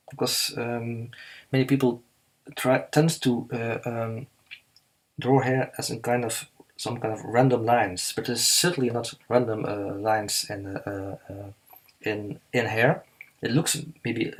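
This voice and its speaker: A man with a husky, medium-pitched voice teaches drawing live, demonstrating as he goes. He speaks slowly and carefully but haltingly, with many fillers and restarts, and the recording is rough.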